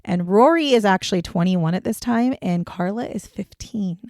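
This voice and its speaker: A woman's voice: medium pitch, normal speed, darkish tone, dry recording, clean studio sound. A young woman co-hosting a true crime podcast, talking casually and bluntly, swearing freely. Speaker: podcast co-host.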